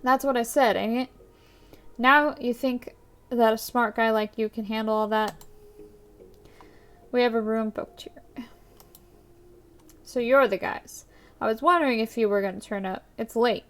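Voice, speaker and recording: Woman playing a rude motel clerk, New York-style accent, gruff, sneering, fairly high voice. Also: steady tone, normal speed, fairly bright tone, close to an everyday voice. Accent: put-on New York-style accent.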